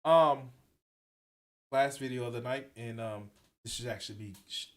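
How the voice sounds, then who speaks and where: A man reacting to clips on a live stream, blunt and profane, swinging from quiet mumbling to loud outbursts. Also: mid-range voice, moderate pace. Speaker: commentary streamer.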